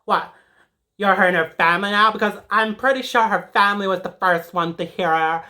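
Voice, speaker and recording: A woman's voice: medium pitch, brisk, sharp tone, natural voice. A woman playing a sassy, dramatic teenage schoolgirl in a comedic character monologue, rambling and emotional with lots of "like".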